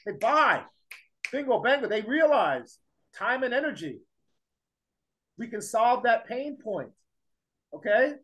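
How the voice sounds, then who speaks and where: A man's voice: high-pitched, poor audio. A man teaching a class in a classroom lecture, emphatic, repeating his points and firing rhetorical questions at the students.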